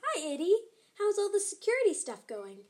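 A cheerful, sensible little cartoon kitten from a children's story, voiced by a woman. She chats in a bright, high voice that bounces up and down, easygoing and friendly. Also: wildly swooping pitch, normal speed, full character voice.

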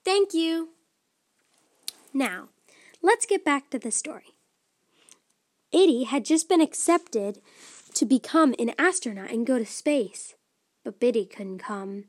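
Woman storyteller, high lively voice, slow, soft, whispery at times. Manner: soft, often whispery, expressive. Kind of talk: storybook reading for children.

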